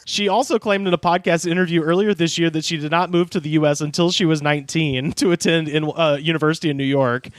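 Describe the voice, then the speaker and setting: A man's voice: a little high, fairly even intonation, quick pace, hardly any pauses, smooth, dry recording, clean studio sound. A man co-hosting a comedy podcast, reading out celebrity news with laughing, profane asides. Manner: reads news quotes with laughing asides, swears freely. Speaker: podcast co-host. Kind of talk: casual comedic chat.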